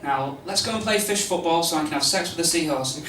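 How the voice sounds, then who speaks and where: A man's voice: on the high side, quick pace, lightly acted. A crude, short-tempered male fish hero snaps out scornful insults, as a British comic puts him on in a raised voice. The sound is distant and roomy, picked up from across a club with noise behind it. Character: foul-mouthed, irritable male fish hero. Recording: roomy live club recording from a distance, noisy.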